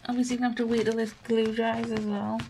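Woman, slightly high voice, slow, gravelly, chatty crafting tutorial, noisy home recording. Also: little pitch movement. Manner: chatty, self-mocking, thinks aloud while working. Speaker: crafting vlogger. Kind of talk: casual crafting tutorial chat. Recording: home recording with clear background noise.

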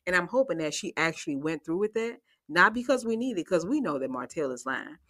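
A woman's voice: on the low side, expressive, fairly quick, a bit bright. A woman giving casual, sassy recap commentary on a reality show, swearing freely, often laughing and talking straight to her viewers. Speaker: reality TV reviewer.

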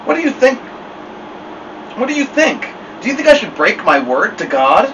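A fierce storybook mother, as a man reads her, sugary and menacing at once. Her voice rides higher and swoops about with sweet-talk. It sounds a bit far from the mic over a faint air-conditioner hum. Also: very animated, moderate pace, a bit bright, heavily acted. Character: stern fierce mother, coaxing then threatening.

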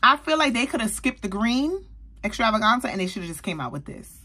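A woman beauty vlogger, likely in her thirties, reviewing a perfume in an animated, chatty way and talking straight to her viewers. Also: fairly high pitch, quick pace, slightly rough. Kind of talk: casual product review.

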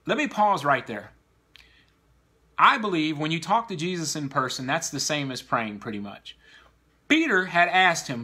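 A man's voice: on the high side, very animated, normal speed, sharp tone, breathy edge. A man preaching a sermon to a congregation, earnestly exhorting the listeners.

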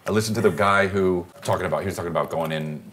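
A man's voice: low voice, very fast, a bit bright, slight background noise. A middle-aged man trading casual comic banter, teasing and needling his partner in a playful way. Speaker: comedian co-host.

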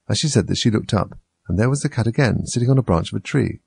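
A man narrating a classic storybook in an even, measured reading. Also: fairly low pitch, creaky, husky, no echo.

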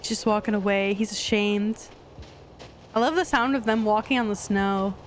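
A young woman streaming a life-sim game, chatting casually to her viewers and getting excitable. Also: mid-range voice, normal speed, a little hiss or hum. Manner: chatty, excitable, talks to chat. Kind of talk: casual gameplay commentary.

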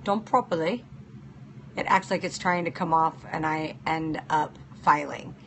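A woman's voice: low voice, a little slow, slight background noise. A woman hosting a casual live-stream chat as a nail technician, practical and chatty, answering viewers by name. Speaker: nail technician and show host.

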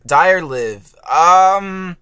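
A man doing let's play commentary as a gaming YouTuber, excitable and swearing, yelling at the game and groaning when he fails. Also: high voice, drawn-out words, clean tone, no echo, clean studio sound. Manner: groaning frustration at failures.

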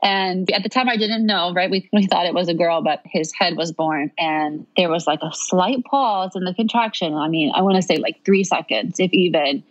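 A woman's voice: lowish voice, moderate pace, few pauses, dull audio. A young woman telling a personal story in conversation, earnest and rambling with many fillers. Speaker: podcast guest.

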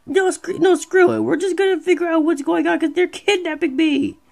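A streamer giving casual let's-play commentary, excitable and rambling, talking back to the game. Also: extremely high pitch, fairly quick, creaky, faint music behind. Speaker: gameplay streamer.

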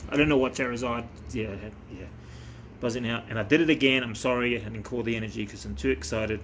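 A man talking casually as a vlogger while opening trading cards, excitable and chatty with quick bursts of delight. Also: mid-range voice, a little hiss or hum. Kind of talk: casual chat.

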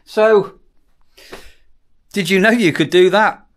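A man's voice: sits high, slow. A middle-aged British man, a campsite warden, talking casually to his viewers in a rambling vlog, asking them questions as he goes. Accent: British English. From United Kingdom. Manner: chatty, asks viewers questions, repeats words when restarting.

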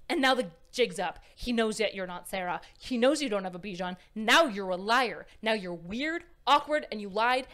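A woman's voice: mid-range voice, animated, brisk, hardly any pauses, a bit bright. A young woman telling a story in a casual, emphatic way with some swearing, explaining anxiety. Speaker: speaker on anxiety. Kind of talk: animated storytelling talk.

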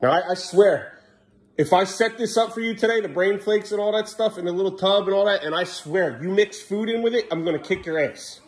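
A vlogger scolds in an exasperated way in a casual video, repeating the same stern words over and over. His voice sits high and moves fairly quickly.

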